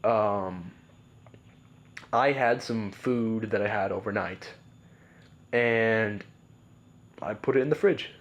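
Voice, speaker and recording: A man's voice: fairly low pitch, slow pace, pauses often, muffled recording. A man casually telling a personal story as a podcast guest, rambling with lots of "like" and "bro" and frequent restarts.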